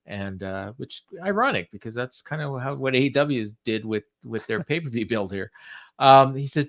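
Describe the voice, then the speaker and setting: A man's voice: mid-range voice, animated, normal speed, hardly any pauses, fairly bright tone. A man co-hosting a podcast, recapping a show in casual chat with lots of fillers and quotes read aloud. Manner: rambling with many fillers, reads quotes aloud. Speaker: podcast co-host.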